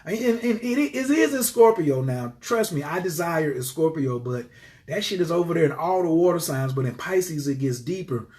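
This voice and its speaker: A man chats live with his viewers in a somewhat high voice. He preaches with animated swings, swearing freely and jumping from loud outbursts to quiet, breathy murmurs. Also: normal speed. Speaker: livestream host. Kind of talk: casual live-stream talk to viewers.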